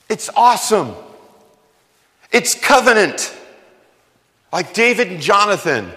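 A fairly high, sing-song voice, pushed and bright, moves at a moderate pace and pauses often. It belongs to a pastor giving a sermon in a church sanctuary, emphatic and conversational as he throws rhetorical questions at the congregation. Long hall reverb colors the sound.

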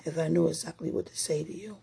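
Woman rambling from the heart to her man, dark mellow voice, breathy and raspy, praying in between. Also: sits low, steady tone, fast talker. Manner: prayerful asides to God. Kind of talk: emotional personal testimony.

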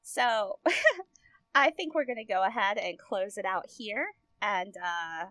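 A woman's voice: medium pitch, takes it slowly, bright, forceful tone, no echo. A young adult woman hosting a podcast in casual chat, talking loosely with many fillers and frequent laughs. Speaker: podcast co-host.

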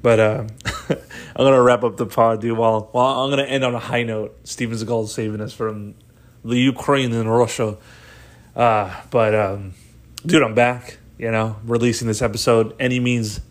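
A man hosting a casual solo podcast, rambling with lots of fillers, swearing and frequent laughter. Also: fairly low pitch. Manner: rambling, profane, laughs often. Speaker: podcast host.

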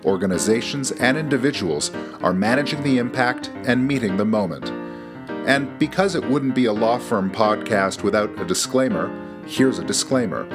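A man's voice: on the low side, lively intonation, normal speed, over music. A man hosting a podcast, reading a scripted narration with a dry, wry delivery. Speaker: podcast host.

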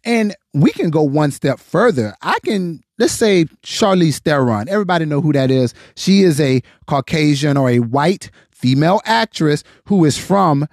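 A man's voice: a little high, animated, normal speed, hardly any pauses, darkish tone, no room sound, studio quality. An American man in his forties giving his opinion in casual commentary, passionate and full of rhetorical questions. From United States. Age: 40s.

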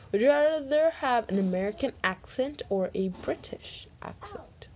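A woman's voice: medium pitch, slight background noise. A teenage girl answering Q&A questions for her vlog in a rambling, chatty way, full of fillers, into a laptop mic. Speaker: vlogger. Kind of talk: casual Q&A vlog. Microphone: laptop microphone.

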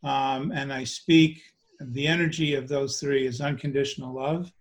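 A man explaining his trance channeling in a soft, hesitant, casual way. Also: mid-range voice, flat delivery, normal speed. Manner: soft-spoken, hesitant, lots of ums. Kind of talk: casual chat.

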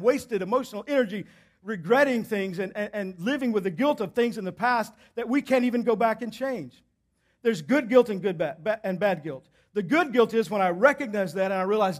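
An expressive, high-voiced pastor preaches a sermon in church at a fairly quick pace. Emphatic throughout, he keeps returning to his main points and alternates between loud and quiet delivery.

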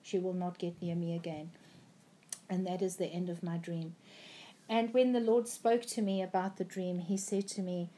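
Woman telling her dream story, mellow warm voice, lots of ums, earnest. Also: on the low side, steady tone, normal speed, slight background noise. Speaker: Christian speaker. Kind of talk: recounting a prophetic dream.

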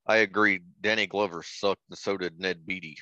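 A man with a lowish voice talking casually about a movie and dropping crude, deadpan jokes. His mic sounds dull and lo-fi, and the room is dry. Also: moderate pace, no room sound. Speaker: podcast co-host. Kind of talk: casual movie review chat.

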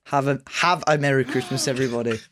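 A man's voice: medium pitch, steady tone, quick pace, a bit bright, a little hiss or hum. A man playing in a casual quiz among friends, joking and laughing along. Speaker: quiz contestant. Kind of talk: casual chat.

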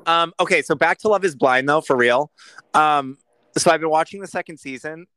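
A man co-hosting a casual podcast chat, talking in animated bursts and laughing often. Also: normal speed, clear, resonant tone, no room sound. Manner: lively, laughing often, animated swings in pitch. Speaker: podcast co-host.

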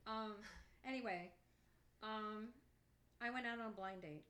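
An older woman being interviewed by her daughter, telling a story from her college years in a lively, quoting way. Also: mid-range voice, measured pace. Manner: storytelling, animated quoting, laughs easily. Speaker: guest, interviewee's mother.

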